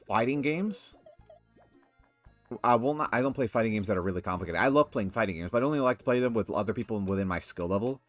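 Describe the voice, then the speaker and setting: A man giving casual gameplay commentary, rambling and ranting in exasperation. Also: lowish voice. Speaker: let's play commentator.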